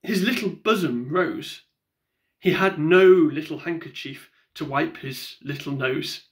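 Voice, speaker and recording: A man's voice: fairly high pitch, slow pace. A man reciting comic verse with theatrical, mock-solemn storytelling. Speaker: poetry reader.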